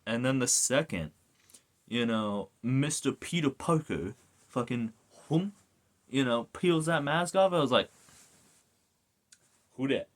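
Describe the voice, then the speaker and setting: Animated, swearing man ranting. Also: mid-range voice, unhurried. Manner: animated, swears a lot, goes off on rants. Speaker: video reviewer. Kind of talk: casual ranting review.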